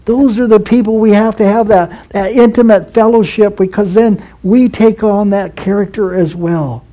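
Male pastor preaching, high-pitched and mellow, slow and earnest delivery. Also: steady tone, low-quality recording. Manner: earnest, measured preaching with repeated phrases. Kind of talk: sermon.

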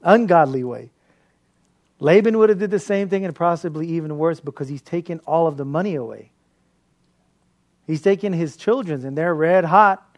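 Pastor, male, slightly high voice, animated sermon delivery with lots of laughter. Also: normal speed. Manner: animated storytelling with frequent laughter.

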